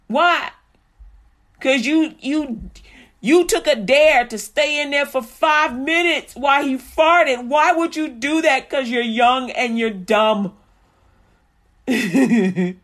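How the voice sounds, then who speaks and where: Woman preacher, fairly high voice, animated, plain-spoken, quotes scripture. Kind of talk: informal preaching.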